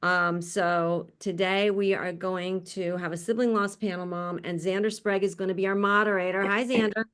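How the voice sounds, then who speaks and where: A woman's voice: mid-range voice, steady tone, normal speed, few pauses, fairly bright tone, smooth. A woman hosting an online panel, introducing speakers in an upbeat, chatty way over a video call. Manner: upbeat and chatty, laughs often. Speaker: conference host introducing a panel. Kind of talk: casual spoken introductions.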